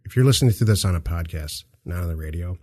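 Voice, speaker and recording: A man's voice: low-pitched, animated, fast, darkish tone. A man hosting a podcast, chatting in a rambling, jokey way with many restarts. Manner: rambling, self-interrupting, jokey. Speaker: podcast host. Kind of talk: casual chat. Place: dark office.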